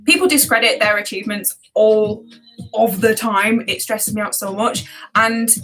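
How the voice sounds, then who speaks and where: A woman's voice: mid-range voice, normal speed, a bit bright, soft background music, low-quality recording. A woman with a British accent chatting casually on a live stream, passionate and talkative, laughing often and restarting her sentences. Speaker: live-streaming reaction YouTuber.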